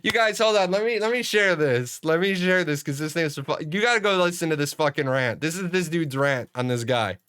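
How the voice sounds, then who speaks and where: Male gaming streamer, fairly high and forceful, profane live rant, dry sound, faint music bed. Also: brisk, few pauses, clear, resonant tone, no room sound. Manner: animated, swearing, frequent restarts.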